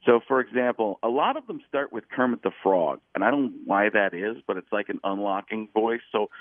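A man's voice: fairly low pitch, no room sound. A middle-aged man, a comedian calling in, chatting about how he builds voices, often stopping and restarting. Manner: explains voices in stops and starts, drops into quick impressions. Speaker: comedian guest. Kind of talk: casual chat. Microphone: phone call-in. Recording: tinny phone line.

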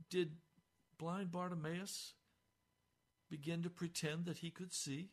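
Impassioned older pastor, slow delivery. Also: male voice, fairly high pitch, level tone. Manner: impassioned, swings between hushed and crying out. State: almost hoarse. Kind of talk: sermon.

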